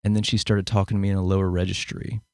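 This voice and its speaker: A man with a fairly low voice hosts a podcast interview in a loose, rambling way. He tells stories with lively energy. The sound is dry and close. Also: rapid-fire, clean tone, no room sound. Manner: rambling, animated storyteller. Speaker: podcast host. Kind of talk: casual conversational interview.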